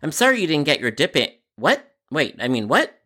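A man's voice: on the high side, wildly swooping pitch, brisk, sharp tone. A man hosting a podcast, narrating a customer service story with an exasperated, sarcastic inner monologue. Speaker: podcast host.

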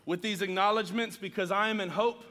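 A man's voice: high voice, fairly even intonation, fairly quick, sharp tone, big-room sound. A man preaching a sermon, earnest and emphatic as he reads scripture and speaks to the congregation. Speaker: pastor.

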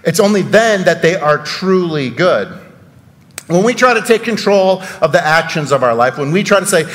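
A man's voice: high voice, animated, normal speed, a bit bright. Man, pastor, casual sermon, rhetorical questions, sarcastic asides, long church reverb.

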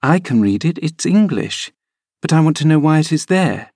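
Brief: man voicing a lively teen girl for a classic audiobook, pitched well up, emphatic. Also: normal speed, dry recording, studio quality. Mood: puzzled. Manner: high, emphatic and exclaiming. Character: lively spirited teenage girl, eager and indignant.

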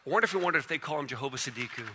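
A man preaching a sermon, retelling stories in an animated way and acting out their characters. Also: a little high, racing, in a large hall, background noise. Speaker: pastor.

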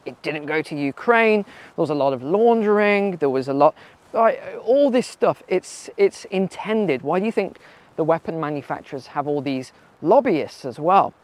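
Male vlogger, somewhat high pitch, relaxed talk on a hike, filler-heavy and questioning. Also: moderate pace. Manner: conversational, rhetorical questions, frequent fillers. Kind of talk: casual commentary while walking outdoors. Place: outdoors on a mountain trail.

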